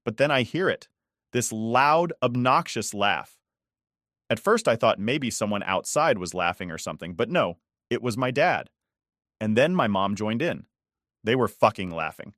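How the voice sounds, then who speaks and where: A man's voice: on the low side, expressive, moderate pace, a bit bright, dry recording, clean studio sound. A man narrating a first-person story in a casual, conversational way, swearing often.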